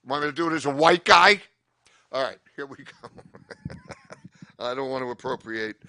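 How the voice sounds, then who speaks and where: A man's voice: mid-range voice, lively intonation, moderate pace, sharp tone, dry recording. An older man doing a rambling, profane stand-up comedy set, cutting himself off mid-thought. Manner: rambling, profane, self-interrupting.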